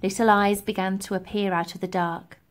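A woman reading a children's storybook aloud, telling it in an expressive, lively way. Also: medium pitch. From England. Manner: lively, expressive storytelling with slow deliberate pacing. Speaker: reader.

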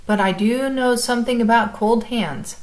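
A woman reading the lines of a kind, steady farm father in a storybook, talking in a warm, coaxing way. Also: a little high, moderate pace, close to an everyday voice, low-quality recording. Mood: kindly.

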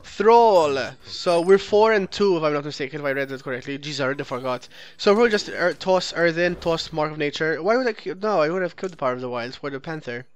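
Speaking quickly with hardly any pauses, this man has a high-leaning voice, lively intonation, and a clean tone. He hosts a let's play of his card game run, reasoning aloud, fixing his sentences midway, and picking apart the opponent's plays.

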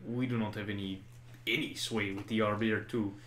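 A man playing a tabletop game who speaks formally and calmly in character. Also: on the low side, brisk. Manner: formal, composed in-character speech. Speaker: player. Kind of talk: in-character tabletop role-play. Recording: roomy echo.

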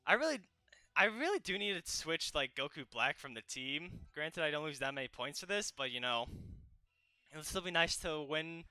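A young man hosting his gaming channel, giving excitable live commentary on his own match and yelping and shouting at the action. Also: a little high, moderate pace, smooth, no echo.

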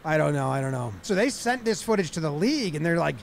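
A high-pitched man walks through baseball footage with animated energy. He drops into exaggerated voices for the players between his own remarks. A faint hiss sits under his voice. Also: quick pace, gravelly. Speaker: baseball commentator. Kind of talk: play-by-play breakdown of game footage.

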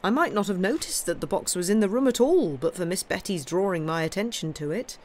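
A woman's voice: medium pitch, expressive, fairly quick, a little mellow, lightly acted. A woman voicing a good-humoured young man who answers an accuser lightly and with mockery in a storybook reading. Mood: cool, mocking. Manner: light, mocking, lifted tone.

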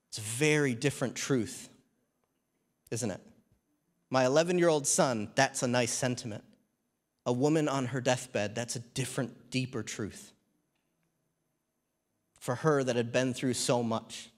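A man's voice: medium pitch, a little slow, pauses often. A man in his thirties or forties preaching a sermon in church, talking in a conversational way with humorous asides. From New Zealand.

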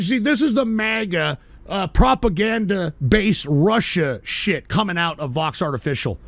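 Fired-up guy hosting a political stream, high gravelly voice, swears a lot, trips over his words. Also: expressive, moderate pace, fairly bright tone, no echo. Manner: heated, profane, stumbling restarts. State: agitated, shouting at times. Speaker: show host. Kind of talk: angry political rant reading chat.

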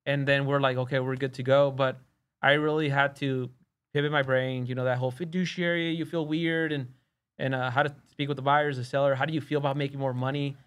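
Male podcast guest, mid-pitch, lively storyteller who voices other people's lines. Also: a little fast, smooth. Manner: animated, acts out quoted dialogue. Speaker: podcast guest, real estate wholesaler. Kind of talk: casual storytelling.

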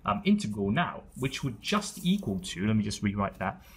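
A man's voice: on the low side, sing-song, normal speed, slightly rough. A man explaining a maths problem step by step, pointing at terms as he writes them. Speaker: maths tutor. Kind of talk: explaining maths while writing.

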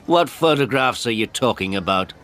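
A man voicing a male photographer who is frightened and angry, loud and accusing. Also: mid-range voice, lively intonation, moderate pace, pitched above the performer's own voice. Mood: suspicious.

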